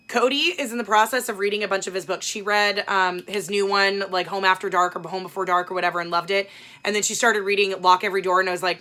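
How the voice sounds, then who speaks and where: A woman's voice: medium pitch, fast. A woman book vlogger talking casually about books, blunt and profane, with lots of fillers. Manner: blunt, profane, animated ranting with many fillers. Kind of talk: casual ranting book chat.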